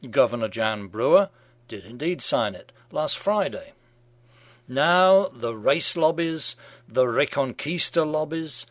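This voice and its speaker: A man's voice: mid-range voice, dry recording. A middle-aged man hosting a radio show, reading scripted satirical commentary in a wry, mock-genial manner.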